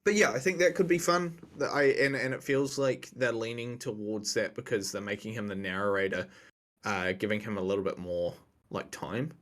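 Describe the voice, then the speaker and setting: A young man co-hosts a podcast, chatting casually in a rambling, slangy way and laughing often. His voice is on the low side and a bit bright, with fairly even intonation and a moderate pace.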